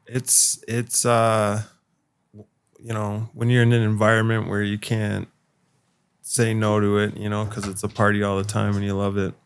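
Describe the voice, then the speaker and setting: A man's voice: on the low side, monotone, normal speed, clean tone. A man in casual podcast chat, a rambling storyteller who swears freely and laughs as he talks. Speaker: podcast guest or co-host.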